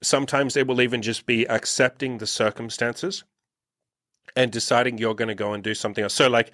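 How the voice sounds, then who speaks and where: A blunt, profane podcast host and dating coach talks casually, often slipping into the voices of people he quotes. His middle-pitched voice is steady, fairly quick, and a bit bright, recorded dry and close with no room sound.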